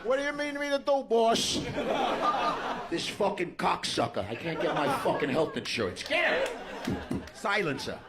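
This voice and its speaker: A comedian playing a swearing mob boss. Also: male voice, sits high, very animated, measured pace, voice pushed up. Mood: bossy. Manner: swaggering, profane. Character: blustering male mob boss ordering a hit. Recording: live stand-up clip with loud crowd noise.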